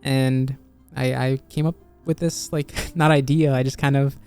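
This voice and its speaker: A video game YouTuber who is slowly losing their voice talks in a halting, earnest way, restarting phrases, over a studio microphone. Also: mid-range voice, little pitch movement, clear, resonant tone, soft background music. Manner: earnest, halting, many restarts and soft laughs. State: slowly losing voice, slightly hoarse. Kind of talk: reflective casual video commentary.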